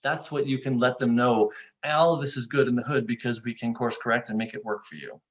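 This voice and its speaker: A man's voice: medium pitch, fairly quick, muffled recording. A man hosting a webinar, talking conversationally and playfully acting out quotes. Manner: animated, playful, acts out quotes. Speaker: webinar host, software founder.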